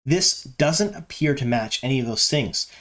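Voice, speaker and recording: A man's voice: mid-range voice, expressive, normal speed, fairly bright tone. A man hosting a fan news channel, talking casually and with opinions, with a lot of ums and uhs. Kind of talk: casual solo commentary to camera.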